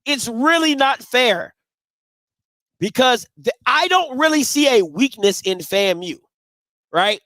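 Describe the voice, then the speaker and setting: A man's voice: very high-pitched, lively intonation, slow, long pauses, pushed and bright, no room sound, clean studio sound. A man hosting a postgame sports talk show, emphatic and repetitive as he argues his point. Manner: emphatic, repeats himself, breaks into laughing fits.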